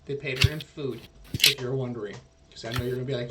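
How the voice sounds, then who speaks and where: A man's voice: mid-range voice, fairly even intonation, fast talker, recorded from a distance, heavy background noise. A man narrating a tabletop game as dungeon master, rambling and hesitant.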